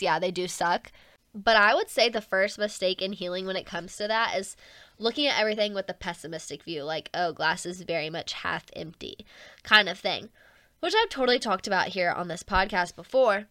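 A young woman speaks alone on her podcast in an easy, chatty way. Her voice sits in an ordinary middle pitch. She talks earnestly and openly, and "like" keeps slipping into her sentences. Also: a bit bright, dry recording. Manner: chatty, heavy use of "like", frank and earnest. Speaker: podcast host. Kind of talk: casual personal podcast monologue.

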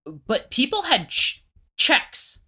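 Animated, explaining podcast co-host man. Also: very high voice, takes it slowly, husky. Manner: explanatory, thinks aloud with restarts. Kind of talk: casual history chat.

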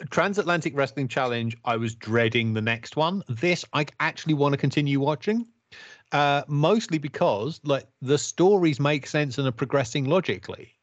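A man co-hosting a podcast, talking in a wry, critical, measured way as he reviews episodes. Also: fairly high pitch, dry recording. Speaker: podcast co-host. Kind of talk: casual review chat. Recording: dull, dry podcast audio.

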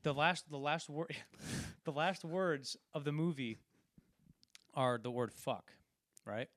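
A man's voice: on the high side, slow pace, a bit bright, no echo, clean studio sound. A man casually talking through a film, rambling and acting out quoted lines as he retells scenes. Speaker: podcast co-host.

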